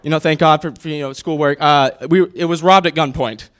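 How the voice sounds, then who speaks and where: A young man in his twenties works through a stand-up set on a handheld stage mic. He talks with a high pitch and a smooth, clear tone. He rambles nervously and fills the gaps with ums and likes. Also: steady tone, fairly quick, a bit bright. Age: 20s. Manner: nervous, rambling, with many fillers. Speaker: stand-up comedian. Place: comedy stage before a live audience.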